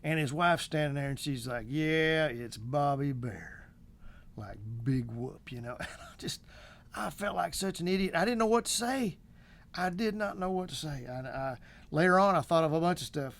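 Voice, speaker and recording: Rambling folksy middle-aged man, higher voice. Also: animated, a little fast, fairly bright tone. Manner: rambling, folksy, many fillers. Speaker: vlog host. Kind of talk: casual storytelling.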